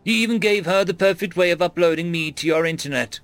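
A man's voice: sits high, a bit bright, no echo, pitched above the performer's own voice. Man voicing a stilted synthetic female android. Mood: cold. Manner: slow, measured and mocking.

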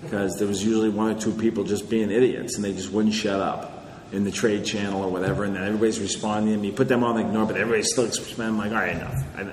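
A middle-aged man, an author and guest speaker, telling anecdotes on a panel in an animated, laughing way. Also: lowish voice, fast. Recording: echoey hall with crowd noise.

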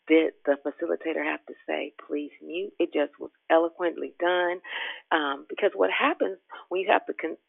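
Speaking by phone on a dry, tinny line, this Richmond, Virginia woman in her fifties has a deep, creaky voice. She hosts a devotional prayer call with folksy exuberance and frequent laughter.

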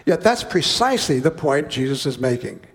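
A man's voice: a little high, big pitch swings, a little fast, big-room sound. A man preaching a sermon, reading a parable aloud and breaking off for conversational, wry asides.

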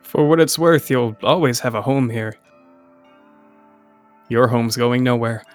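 A friendly male player who speaks in character at an average pitch and laughs often, with faint music in the background. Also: unhurried. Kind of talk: in-character role-play.

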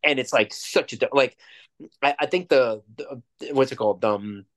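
A male co-host chats loosely on a podcast, swearing a lot and leaning hard on his points. His voice sits at an ordinary middle pitch, and his delivery is rambling and emphatic. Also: normal speed. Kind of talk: casual chat.

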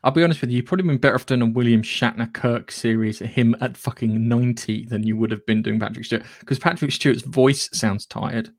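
Podcast guy, gravelly voice, swears a lot, rambles on. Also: medium pitch, brisk, few pauses, no echo. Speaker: podcast co-host. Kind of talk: casual chat.

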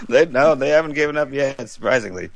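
A man in casual gaming chat with friends, joking, laughing often and breaking into mock shouts. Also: mid-range voice, fast, creaky, no echo.

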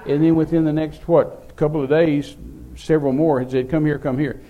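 A man's voice: a little high, fairly even intonation, moderate pace, mellow. An older man, telling a rambling, folksy story as a preacher. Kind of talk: sermon storytelling.

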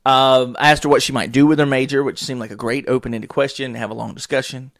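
A man's voice: mid-range voice, fairly even intonation, fast, no room sound, clean studio sound. A man hosting a podcast, telling a rambling comic story in a crude, digressive way and laughing at his own jokes. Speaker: podcast host.

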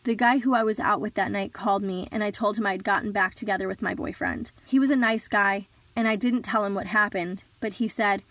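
A woman telling a personal story in an earnest, measured way, with sudden shouted outbursts when she quotes herself. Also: medium pitch, steady tone, no echo. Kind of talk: personal story told live.

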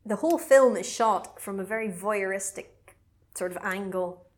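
A woman co-hosting a casual podcast, retelling a film in a chatty, animated way. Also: medium pitch, moderate pace. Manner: chatty, animated storytelling with laughs. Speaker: podcast co-host recapping a film. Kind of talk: casual chat.

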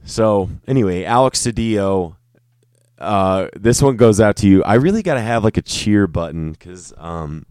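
A man's voice: on the low side, expressive, normal speed, a little mellow, clear, resonant tone, no room sound, clean studio sound. A man telling a casual, profane, rambling story about his years working as a restaurant server. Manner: rambling, self-interrupting, laughing asides.

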